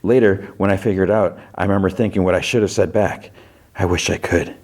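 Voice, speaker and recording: A man's voice: low voice, fairly even intonation, a little fast, a little mellow. A man voicing a dying husband who tenderly recalls the day he met his wife.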